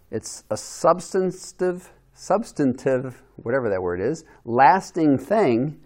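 A man giving a conversational Bible lesson to a group, asking them questions and restarting his sentences as he thinks aloud. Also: medium pitch. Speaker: Bible teacher.

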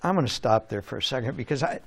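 A man preaching a sermon in an animated way, asking rhetorical questions and chuckling now and then. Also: medium pitch, fast, vocal fry.

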